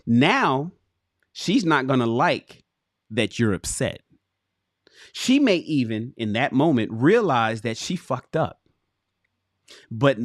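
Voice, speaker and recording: Animated, cussing livestream man. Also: sits high, no room sound, clean studio sound. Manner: profane, animated, talks straight to viewers and chat. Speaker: livestream host reading a book aloud. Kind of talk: casual livestream reading with commentary.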